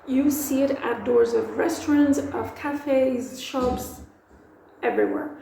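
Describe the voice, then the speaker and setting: A woman's voice: sits high, slow, vocal fry, dark tone, reverberant, a little hiss or hum, poor audio. A woman from Portugal, teaching in a casual, playful way with lots of examples. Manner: chatty, playful, explains with examples. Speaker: language teacher. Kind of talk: casual video lesson.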